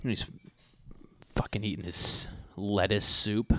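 A man hosting a podcast, ranting in a casual, profane and animated comic way into a handheld microphone. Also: on the low side, unhurried, no room sound. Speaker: podcast host. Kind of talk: casual comedic rant.

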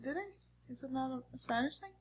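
A woman's voice: high voice, animated, moderate pace. A woman from New England co-hosting a podcast, chiming in casually and giggling often. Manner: giggly, chimes in with short replies. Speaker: podcast co-host. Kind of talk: casual chat.

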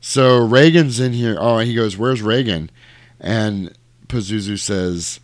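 A low-pitched man talks casually, retelling a film's plot and slipping into quick character voices. The sound is dry and close, with no room around it. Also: no echo. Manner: animated storyteller acting out lines in quick voices. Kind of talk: casual chat retelling a movie.

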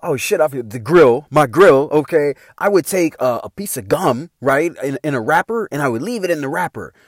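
A man telling a casual personal story to his viewers, animated and heavy on profanity, often breaking into laughter. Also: fairly high pitch, normal speed, no echo, studio quality.

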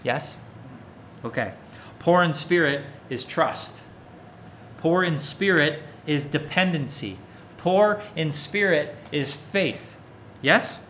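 A man's voice: fairly high pitch, animated, slow pace, fairly bright tone, a little hiss or hum. A man preaching a sermon in a casual, conversational way, often checking that his listeners follow along. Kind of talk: interactive sermon.

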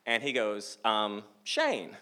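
Animated man telling a story on stage. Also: fairly low pitch, moderate pace. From Massachusetts, US. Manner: animated, self-mocking, acts out dialogue. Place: theater stage before a live audience.

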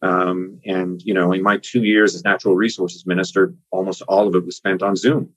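A man's voice: low-pitched, flat delivery, normal speed, husky. A man from Newfoundland with a Newfoundland accent, chatting casually as a guest over a remote call, with many fillers and restarts. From Newfoundland, Canada. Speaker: government minister, podcast guest. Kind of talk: casual interview talk. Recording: dull lo-fi remote audio.

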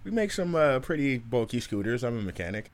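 A man's voice: mid-range voice, big pitch swings, brisk. A man telling a story in a casual podcast chat, laid-back, laughing often, with frequent fillers.

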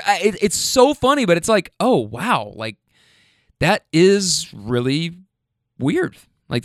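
A man hosting his own podcast in an excited, slangy ramble full of restarts. His voice sits somewhat high for a man. It is recorded close and dry with no room sound. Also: no room sound. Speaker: podcast host. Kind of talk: casual podcast intro monologue.

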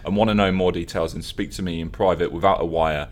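A man's voice: low voice, fairly even intonation, quick pace, slight background noise. A man co-hosting a podcast from an office, chatting casually with jokey, teasing banter. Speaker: podcast co-host. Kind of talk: casual chat.

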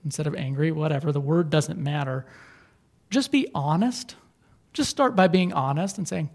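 High-voiced male pastor preaching earnestly. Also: big pitch swings, moderate pace, darkish tone. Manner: earnest, conversational, with repeated phrases and restarts. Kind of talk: sermon.

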